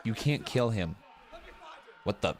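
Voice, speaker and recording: A man's voice: on the low side, slow pace. A young man hosting a live watch-along stream, chatting to his viewers and often breaking into laughter. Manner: excitable, laughs a lot, talks to chat as "guys" and "bro". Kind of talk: casual live-stream commentary.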